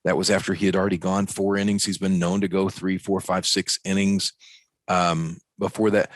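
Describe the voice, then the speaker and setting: A deep-voiced man from Arkansas chats about baseball as a podcast co-host. He is folksy and animated and fills his talk with ums and asides. The sound is dry and close. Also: normal speed, dry recording. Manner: folksy, animated, joking analysis with many fillers. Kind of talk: casual sports talk. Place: ballpark.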